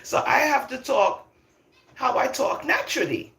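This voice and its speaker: A high, gravelly voice at a measured pace belongs to an older London vlogger, heard with a faint hiss or hum and a roomy echo. She delivers an opinionated, casual monologue with emphasis and animation, often laughing between points.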